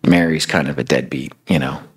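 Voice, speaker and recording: A man's voice: rumbling low, fairly even intonation, fairly quick, husky. A young man preaching a sermon in a conversational storytelling way, filling his speech with "you know" and "like".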